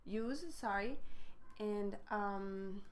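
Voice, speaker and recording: A woman's voice: mid-range voice, very slow. A woman with a French accent giving a casual, chatty live-streamed French lesson, switching between French and English and laughing often. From France. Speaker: French teacher.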